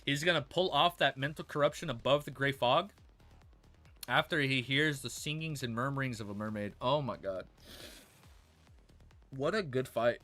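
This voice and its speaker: A young man streaming, reading a web novel aloud and breaking off to react in excitable, slangy, profane bursts. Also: medium pitch, normal speed, long pauses, soft background music.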